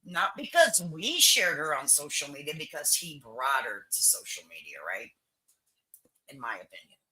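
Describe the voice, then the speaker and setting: A woman's voice: deep voice, sing-song, normal speed, pushed and bright, rough recording. An older woman hosting a livestream, chatting bluntly and opinionated, repeating herself and swearing freely. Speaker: livestream host. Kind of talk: casual chat with viewers.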